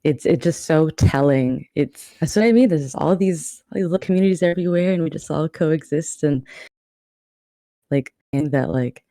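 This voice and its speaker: A woman's voice: sits low, moderate pace, dark tone, dry recording, clean studio sound. A woman from the New York area, a cosplayer guest, chatting casually and rambling with many restarts. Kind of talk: casual podcast chat.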